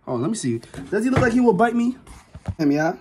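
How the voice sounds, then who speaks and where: A man's voice: high voice, sing-song, brisk, slight background noise. A nervous young man vlogging casually, insisting he isn't scared and yelping now and then. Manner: jittery, keeps insisting he isn't scared, yelps.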